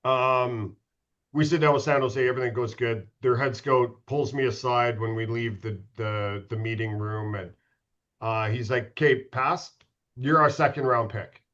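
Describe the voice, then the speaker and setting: A man's voice: medium pitch, steady tone, a little slow, fairly bright tone. A middle-aged man spins loose, profane stories as a podcast guest, candid and mocking himself as he goes. His voice sits in an ordinary middle register, and the podcast audio is a little dull and lo-fi. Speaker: podcast guest, former pro hockey goalie. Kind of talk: casual storytelling.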